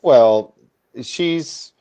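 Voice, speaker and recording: A man in casual podcast chat, relaxed and quick to laugh, sometimes arguing the other side. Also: medium pitch, clear, resonant tone. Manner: relaxed, laughs easily, plays devil's advocate. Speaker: co-host.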